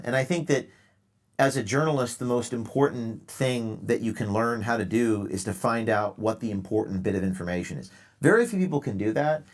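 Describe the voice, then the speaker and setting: Male call-in host, sarcastic mock-earnest lecturing tone, mid pitch. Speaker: show host taking calls. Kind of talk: live call-in show.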